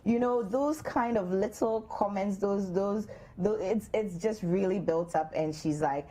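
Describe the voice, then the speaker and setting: A Ghanaian woman co-hosting a relationship advice show in a studio, chatting in an animated, playful way and acting out quoted lines. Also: mid-range voice, unhurried. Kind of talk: lively studio chat giving advice.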